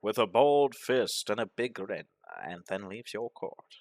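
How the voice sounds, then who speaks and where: A man narrating a game playthrough, reading its events aloud in a deadpan manner. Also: on the low side, a little slow, dry recording. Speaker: gaming commentator.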